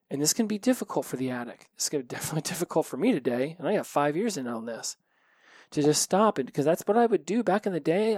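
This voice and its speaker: A man's voice: medium pitch, a little mellow, no echo. Male podcast host, candid solo talk, cusses freely, mid-range voice, dry close sound. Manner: frank and reflective, swears freely.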